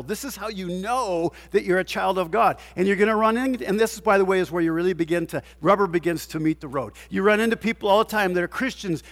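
A man with a fairly high voice delivers an emphatic sermon as a pastor. He fires off rhetorical questions and drops to near-hushed tones before rising again. His voice rings with a long reverb, as if in a large hall. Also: quick pace, hardly any pauses.

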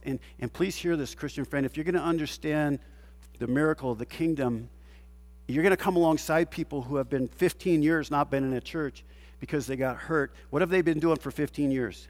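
A man preaching a sermon as a pastor, asking rhetorical questions and swinging between loud emphasis and hushed, quiet passages. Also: a little high, a little fast, long reverb tail.

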